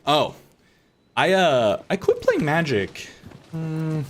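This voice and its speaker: A man's voice: on the high side, sing-song, very slow, pauses often. A man streaming a video game from his home office, chatting casually with many fillers and the odd swear. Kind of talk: casual live-stream chat while gaming.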